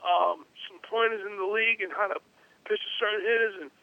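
A man's voice: high-pitched, steady tone, quick pace, vocal fry, dry recording, pitched above the performer's own voice. A man voicing an angry male baseball general manager who argues bluntly and insistently. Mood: heated. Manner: heated, insistent, profane. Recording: dull lo-fi recording.

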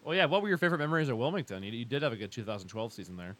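A man interviewing a baseball player and asking short, quick questions. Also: mid-range voice, animated, fairly bright tone.

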